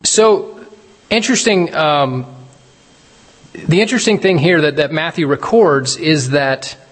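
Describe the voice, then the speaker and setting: A man gives a relaxed, conversational sermon, often tossing in "right?" and chuckling as he retells a story. His voice sits a little high for a man. The sound carries a long reverb, as if recorded in a large hall. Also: a little slow, husky. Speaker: preacher. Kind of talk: casual sermon.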